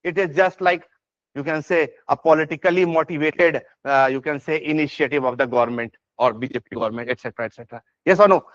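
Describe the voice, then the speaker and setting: Man, Indian English accent, teacher, high voice, dry dull recording. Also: quick pace, no room sound. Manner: repeats "yes or no?" and "is this part clear?" checks; many fillers and restarts, emphatic. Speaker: essay strategy teacher. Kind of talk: classroom lecture. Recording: dry, slightly dull lo-fi sound.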